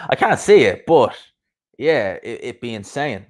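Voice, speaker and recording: A young man, chatting casually and rambling on a live stream as its host. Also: medium pitch. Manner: rambling, chatty, quick asides and laughs. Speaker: YouTube boxing streamer.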